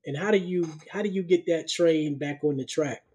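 A man hosting a podcast interview, talking in a relaxed, slangy way and affirming his guest often. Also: a little high, normal speed, slightly rough, highs cut off. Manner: affirming, uses slangy casual speech, many backchannels. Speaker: podcast host. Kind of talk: casual interview chat.

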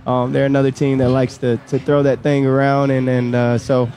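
Guy chatting on a radio show outside, flat mellow voice, repeats himself a lot. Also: medium pitch, moderate pace, slight background noise. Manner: relaxed, repeats words, trails off. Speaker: guest, former player and high school coach. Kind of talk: casual radio interview. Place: outdoors on a restaurant patio.

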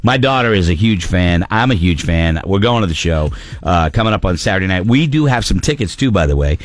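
A male radio host chatting eagerly into a studio microphone. His pitch swings up and down a lot, and the sound is dry and close. He talks in loose, friendly bursts full of fillers and restarts. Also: animated, brisk, no echo. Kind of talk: casual radio chat.

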